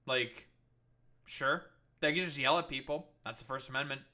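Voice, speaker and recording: Reacting to news clips during a political commentary livestream, this man rants sarcastically, swears nonstop, and leans on fillers such as "uh" and "like." He speaks at a moderate pace with a medium-pitched, pushed, bright voice.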